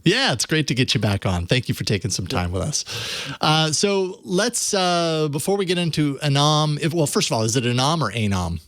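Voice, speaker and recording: A man hosting a tech news show, reading a sponsor spot and then interviewing a guest in a relaxed way, with many fillers and restarts. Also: a little high, normal speed, dry recording, clean studio sound. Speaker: host. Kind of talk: podcast host reading an ad and interviewing.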